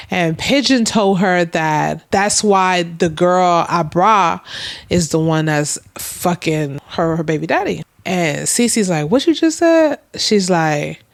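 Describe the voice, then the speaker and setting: A young woman, telling a story casually and animatedly, swearing and acting out quoted lines. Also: gravelly. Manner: animated, swearing, acts out quoted dialogue with big pitch jumps. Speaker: storytime vlogger.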